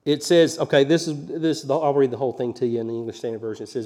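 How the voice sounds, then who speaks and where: A man's voice: medium pitch, fairly quick, mellow. Folksy Southern-tinged man preaching a sermon. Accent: mild Southern US. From Alabama, US. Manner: conversational preaching, folksy asides, rising emphasis. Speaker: pastor.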